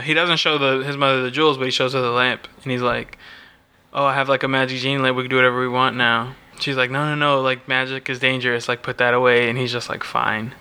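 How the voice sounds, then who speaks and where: Man, podcast co-host, casual chat, very bright voice, smooth and clear, laughs a lot. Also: medium pitch. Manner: laughs often, acts out quotes. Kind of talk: casual chat recapping a film.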